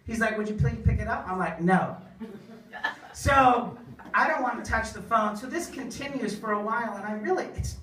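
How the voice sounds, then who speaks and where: A woman performing a funny personal story live before an audience, animated and self-deprecating, acting out the other voices. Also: on the high side. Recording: echoey room, far mic, audience.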